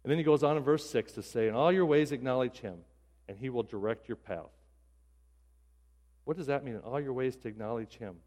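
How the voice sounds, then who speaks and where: A man's voice: medium pitch, fairly quick, darkish tone, in a large hall. A male pastor giving a sermon in a casual, conversational way, often restarting his sentences. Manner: conversational, self-deprecating, with repeated restarts.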